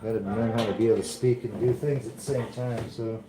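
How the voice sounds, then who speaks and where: Cooking live from his home kitchen, a man with a lowish voice talks fairly quickly with fairly even intonation, chatting casually and meandering as he addresses his viewers. Blues or country music plays clearly behind him in a roomy-sounding recording.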